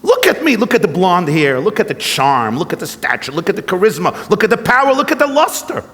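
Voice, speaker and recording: A man putting on a vain, boastful male politician who blusters loudly when nobody recognizes him. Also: high-pitched, very animated, brisk, in a large hall. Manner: loud, blustering, self-praising.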